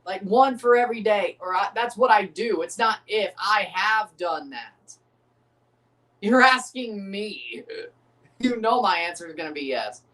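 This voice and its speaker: A man with a fairly high voice talks loosely through a live match watchalong. He answers his chat, circles back to the same points and repeats himself, and he sits a little back from the mic. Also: animated, unhurried, bright, forceful tone, far from the mic. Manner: chatty, repeats phrases, answers chat viewers. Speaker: livestream host reacting to a match. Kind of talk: casual live watchalong commentary.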